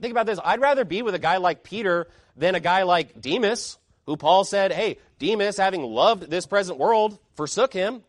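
High-voiced fiery male preacher. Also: no echo, clean studio sound. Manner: emphatic, fiery preaching with rhetorical questions. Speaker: pastor. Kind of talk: sermon.

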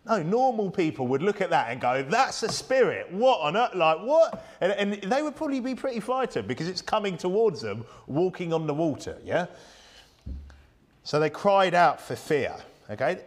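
Male preacher, chatty sermon delivery, rhetorical tag questions, higher-pitched voice. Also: big pitch swings, moderate pace. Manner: reads aloud old-style scripture text. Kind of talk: Bible-study sermon.

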